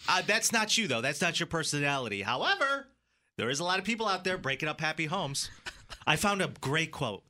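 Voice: medium pitch, very animated, fairly quick, pushed and bright. A co-host of a morning radio show, dropping in wry, teasing remarks during casual banter. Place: radio studio.

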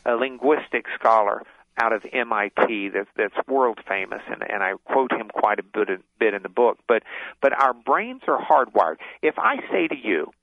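A man's voice: mid-range voice, no room sound. Man explaining over a tinny phone line. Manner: explanatory, many restarts. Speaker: author and lawyer, guest. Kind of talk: radio interview.

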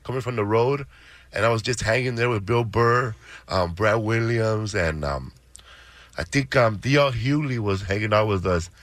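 A man's voice: fairly low pitch, normal speed, a bit bright, dry recording. A man, a comedian guest on a radio show, telling rambling stories in casual chat with many fillers.

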